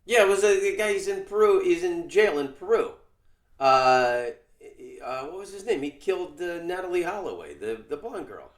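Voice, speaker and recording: A male comedian hosting a podcast, chatting casually in a rambling, halting way. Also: high voice, animated. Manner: rambling, halting, many fillers. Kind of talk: casual chat. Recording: echoey room.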